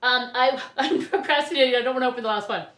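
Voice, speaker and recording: A woman's voice: high-pitched, fast talker, fairly bright tone, reverberant. A woman from Ohio, chatting casually as she unboxes plants, gushing, laughing often and gasping with delight. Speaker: orchid grower and vlogger.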